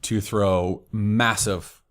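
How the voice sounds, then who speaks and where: A man being interviewed on a podcast, telling stories excitedly and saying "like" a lot. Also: on the low side, extremely slow. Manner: excitable storyteller, heavy use of "like". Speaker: podcast guest. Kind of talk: casual interview chat.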